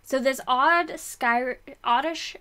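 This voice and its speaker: A young woman talks through her reading month in a loose, chatty way, circling back and restarting her thoughts. Her voice sits a little high and she fills the pauses with ums. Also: pushed and bright, clear, resonant tone. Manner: chatty, rambling, lots of fillers and restarts. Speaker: book vlogger. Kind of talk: casual book review chat.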